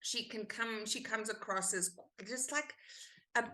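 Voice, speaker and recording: A woman, an actor guest, chatting in an interview and telling stories with lively acted-out quotes. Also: fairly high pitch, unhurried. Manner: animated storytelling, acts out quoted exchanges. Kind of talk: casual interview chat.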